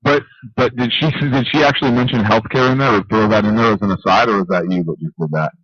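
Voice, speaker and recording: A man co-hosting a casual call-in radio show, sarcastic and laughing between remarks, with a husky voice. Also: on the low side, fast talker, fairly bright tone, no room sound. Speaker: radio co-host. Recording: dull dry lo-fi stream audio.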